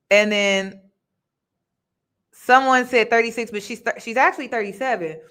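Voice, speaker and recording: A woman's voice: a little high, measured pace, fairly bright tone. A woman hosting a casual review vlog, talking chattily and emphatically to her viewers and repeating her points. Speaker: reaction video host. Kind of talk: casual commentary on a reality show.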